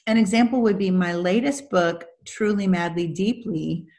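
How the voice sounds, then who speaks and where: A woman's voice: on the low side, moderate pace, darkish tone. A middle-aged woman author telling stories earnestly in a faith-based interview. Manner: earnest storyteller, laughs through her story. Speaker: author guest.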